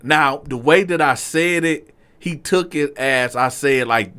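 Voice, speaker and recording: A man tells his own story to viewers casually, using slangy talk at a measured pace. He swings between low asides and loud outbursts.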